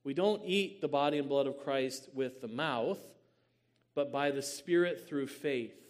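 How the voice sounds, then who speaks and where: A man giving a theological teaching talk as a church teacher, measured with many "um"s and rising at times to a booming emphasis.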